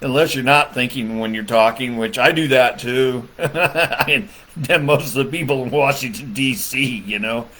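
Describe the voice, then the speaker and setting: A man's voice: mid-range voice, moderate pace, fairly bright tone. A man, a political comedian, rambling through a crude comedic rant, laughing often and leaning on fillers. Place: Michigan.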